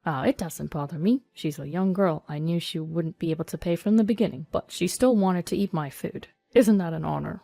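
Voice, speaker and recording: A woman's voice: fairly low pitch, fairly quick, gravelly, hardly any pauses, warm tone, no echo, soft background music. A woman voicing a greedy, threatening old male steakhouse owner, talking in a blustering, menacing way.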